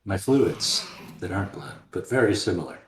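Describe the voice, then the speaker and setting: A man's voice: low voice, moderate pace, slight background noise. A man casually playing a tabletop game, explaining his moves in a wry, offhand way. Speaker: player. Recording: roomy echo.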